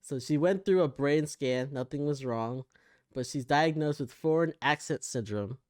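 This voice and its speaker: A man's voice: on the high side, moderate pace, no echo, studio quality. A man with an American accent co-hosting a casual podcast, hesitant and trailing off with fillers and small laughs. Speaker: podcast co-host. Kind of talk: casual chat.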